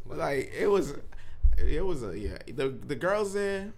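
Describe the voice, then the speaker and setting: Animated, slangy American man chatting. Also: a little high, slow, gravelly. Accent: US East Coast. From United States. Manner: animated, swearing, slangy, laughs often. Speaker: podcast co-host. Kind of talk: casual chat.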